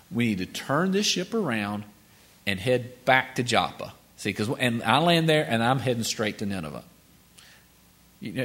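A man preaching a sermon, reading scripture aloud and then explaining it in a conversational way with chuckles and restarts. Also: a little high.

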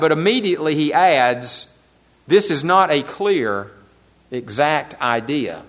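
A man with a high voice preaches a sermon to his congregation. He repeats key phrases for emphasis, lets some lines drop soft and low, and puts questions to his listeners. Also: animated, slow. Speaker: pastor.

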